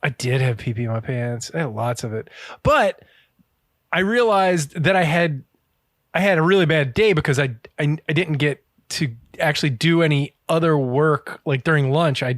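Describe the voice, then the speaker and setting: A man's voice: on the high side, dry recording, studio quality. A man hosting a casual comedy podcast, joking, swearing and slipping into silly impressions. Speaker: podcast host.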